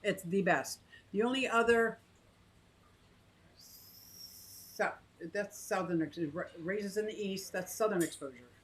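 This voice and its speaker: She speaks slowly, a woman in her fifties who runs an aquarium vlog, musing casually about her tanks to the camera and chat with plenty of restarts and side remarks. She also coos to her bird in a high, sing-song voice. The recording is low quality and has slight background noise.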